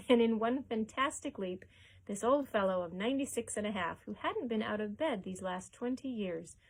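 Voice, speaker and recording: A woman reads a children's chapter book aloud for library story time. Her fairly high voice is expressive and lively, and she chuckles along with the story.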